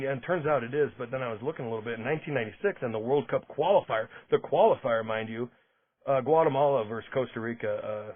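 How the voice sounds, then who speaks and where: Male podcast host, rambling and self-interrupting, mid pitch, lo-fi tinny audio. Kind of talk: casual monologue. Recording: tinny phone-like sound.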